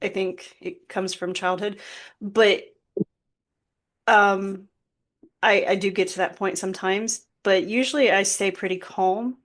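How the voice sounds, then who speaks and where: Slow-talking calm woman podcast host. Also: medium pitch. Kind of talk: casual chat.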